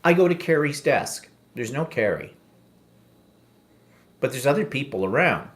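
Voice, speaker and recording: A man's voice: medium pitch, big pitch swings, measured pace. A man co-hosting a casual talk show, telling an anecdote with sarcasm and bits of mimicked voices. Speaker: podcast co-host. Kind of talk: casual storytelling.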